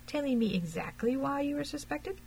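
A woman's voice: mid-range voice, fairly quick, slightly rough, low-quality recording. Woman voicing Beck, a shrewd male detective. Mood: probing. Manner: pleasant, probing, steady. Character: shrewd stout male detective, placid and insinuating.

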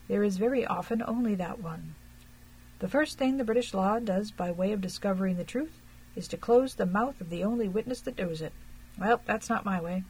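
A woman's voice: medium pitch, a little mellow, slightly rough, poor audio. A woman reading aloud and voicing a stout, shrewd male detective who speaks pleasantly and probingly, in an audiobook.

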